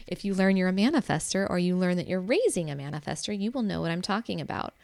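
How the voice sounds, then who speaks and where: A woman's voice: on the low side, normal speed, no room sound. A woman hosting a solo podcast as a life coach, talking in an earnest, encouraging way and laughing easily. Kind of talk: solo spiritual podcast monologue.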